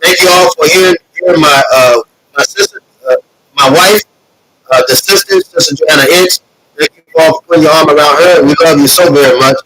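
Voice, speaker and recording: A man's voice: a little high, sing-song, brisk, fairly bright tone, low-quality recording. A man hosting a live stream, reading viewer comments and addressing his audience in an earnest, repetitive, preacher-like cadence with many fillers; he is emotional. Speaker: host of a streaming show.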